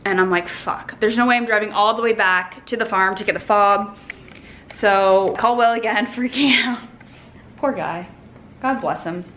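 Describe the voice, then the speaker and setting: A young woman talks into her phone camera in a casual vlog, telling a story with plenty of swearing. Her voice sits at a middle pitch for a woman. A faint hiss of background noise runs under the recording. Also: normal speed, fairly bright tone. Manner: chatty, swears freely, tells stories animatedly. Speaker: vlogger.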